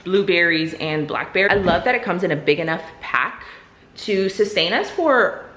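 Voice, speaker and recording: A woman's voice: lowish voice, animated, normal speed, a bit bright. Chatty woman in an echoey room. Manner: chatty, upbeat, lots of fillers. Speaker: vlogger. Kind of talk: casual grocery haul chat. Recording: echoey room, faint noise.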